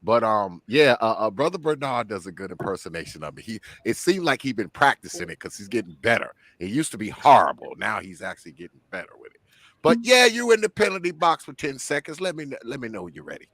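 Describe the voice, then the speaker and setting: A man's voice: mid-range voice, big pitch swings, fast, fairly bright tone, dry recording. A man hosting a casual online panel game, joking, laughing and often repeating himself. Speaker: game show host.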